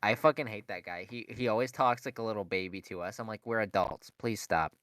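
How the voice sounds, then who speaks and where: A man's voice: lowish voice, fast talker, a bit bright, dry recording. Rambling young man telling a story. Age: young adult. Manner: rambling storytelling with lots of fillers and profanity. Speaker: podcast co-host. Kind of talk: casual chat.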